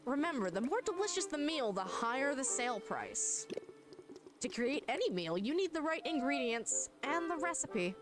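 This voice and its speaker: Lady doing a posh theatrical chef lady, high and swoopy. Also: big pitch swings, moderate pace, over music. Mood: grandly theatrical. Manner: theatrical, grand.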